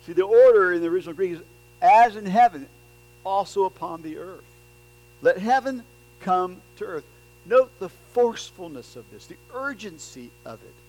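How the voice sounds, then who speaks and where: A man preaching a sermon, dropping to soft low passages and then rising into loud, emphatic declarations. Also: expressive, moderate pace, low-quality recording. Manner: swings between soft, low stretches and loud, emphatic bursts.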